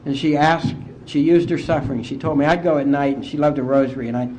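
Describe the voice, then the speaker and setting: Mellow-voiced man telling a heartfelt story. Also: on the high side, fairly even intonation, fast talker, a little hiss or hum. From West Virginia, US. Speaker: AA speaker. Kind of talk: personal recovery story told to a conference. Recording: dull lo-fi conference tape.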